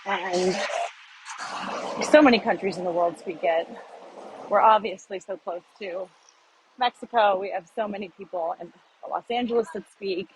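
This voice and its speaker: A woman's voice: mid-range voice, normal speed, pauses often, slight background noise, low-quality recording. An American woman vlogging casually while walking city streets, rambling and self-deprecating, recorded on a phone. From United States.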